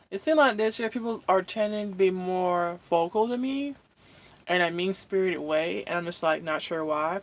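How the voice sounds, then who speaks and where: A vlogger, chatting casually while eating at home, venting in a rambling way full of fillers. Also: mid-range voice. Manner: rambling, drawn-out, many fillers. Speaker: mukbang vlogger.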